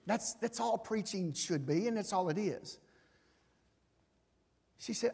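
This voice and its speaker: A man's voice: high-pitched, expressive, a little slow, vocal fry, pauses often, husky. A man, a pastor preaching a folksy, self-deprecating sermon and closing in prayer. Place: large church sanctuary. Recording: long reverb in a large hall.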